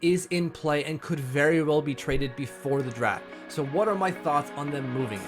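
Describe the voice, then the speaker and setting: A man's voice: fairly high pitch, normal speed, music in the background. A man hosting a casual hockey commentary vlog from home, chatty and self-deprecating. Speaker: hockey YouTuber.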